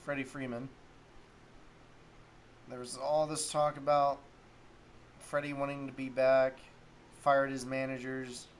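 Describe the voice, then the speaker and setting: A man's voice: medium pitch, flat delivery, slow pace, pauses often, a little hiss or hum. A man hosting a solo sports talk stream, rambling casually and thinking aloud while he looks up stats. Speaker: sports talk show host.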